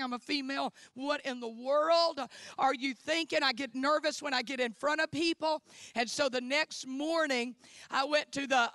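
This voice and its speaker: Bright high woman preaching. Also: no echo, studio quality. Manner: fervent, exclaiming hallelujah and amen. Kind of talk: sermon testimony. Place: church.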